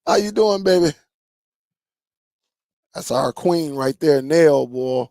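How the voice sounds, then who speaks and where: A man hosts a relaxed live stream from home, talking slowly with a gravelly edge to his voice. He chats loosely with viewers, laughing and dropping slang as he reads their comments. The sound is dry and close, with no room echo. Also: fairly high pitch. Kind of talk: casual live-stream chat reading comments.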